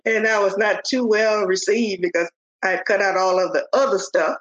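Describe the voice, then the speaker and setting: Older woman telling a halting testimony. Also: mid-range voice. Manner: halting, with many pauses and restarts. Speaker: podcast guest. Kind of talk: telling a personal faith testimony. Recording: dull, lo-fi audio.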